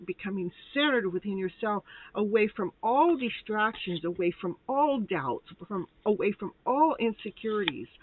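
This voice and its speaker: A woman hosting a live tarot show, chatty and rambling, laughing often and a little short of breath. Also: mid-range voice. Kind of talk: casual live tarot reading. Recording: tinny phone-like line, dry.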